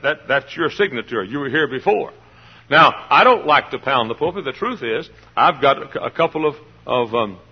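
Impassioned husky preacher, man. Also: mid-range voice, lo-fi sound. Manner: impassioned, hollers and pounds the pulpit, mimics voices. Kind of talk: sermon.

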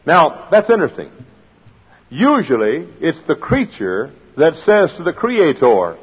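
A man's voice: mid-range voice, lively intonation, moderate pace, slightly rough. A man preaching a sermon, moving from folksy storytelling to fervent preaching. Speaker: pastor. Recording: dull lo-fi sound with long hall reverb.

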